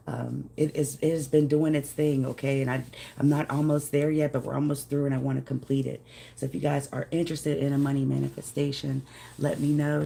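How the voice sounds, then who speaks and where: A woman's voice: deep voice, creaky, mellow, a little hiss or hum. A woman doing a casual live tarot reading, chatty and affectionate, greeting viewers by name. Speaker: tarot reader.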